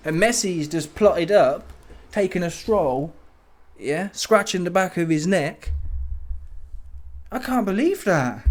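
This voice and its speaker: Slightly high-pitched bloke, animated football reaction host, mocking and slangy. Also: male voice, takes it slowly, long pauses. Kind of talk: casual ranting reaction.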